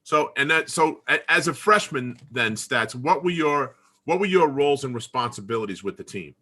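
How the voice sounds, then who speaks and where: Bright-voiced man telling stories. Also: mid-range voice, moderate pace, slightly rough. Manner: animated storytelling, acting out quotes. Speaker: podcast co-host, former player. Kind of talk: casual video-call interview. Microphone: video call.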